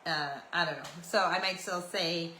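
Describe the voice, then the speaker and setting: A woman's voice: on the low side, steady tone, normal speed, bright, forceful tone, roomy sound, a little hiss or hum, low-quality recording. A Canadian woman in her forties hosting a podcast, rambling through stories in a chatty, meandering way. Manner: chatty, meandering, loose and storytelling. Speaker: podcast host. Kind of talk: rambling solo podcast chat.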